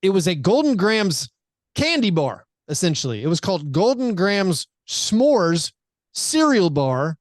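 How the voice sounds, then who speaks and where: A man's voice: high voice, big pitch swings, measured pace, dry recording, clean studio sound. A man hosting a podcast in casual chat, rambling along with many fillers and restarts. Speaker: podcast host.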